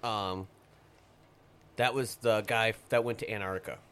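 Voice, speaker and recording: A man's voice: on the low side, fairly even intonation, normal speed, a bit bright, clear, resonant tone. A man telling a long story in a rambling, profane way during a casual podcast chat. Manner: rambling, profane, retells stories in quoted voices. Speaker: podcast guest.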